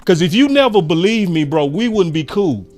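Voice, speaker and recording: Animated slangy male podcast host. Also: high-pitched, normal speed. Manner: animated, slangy, storytelling with quoted exchanges. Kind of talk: casual heated chat.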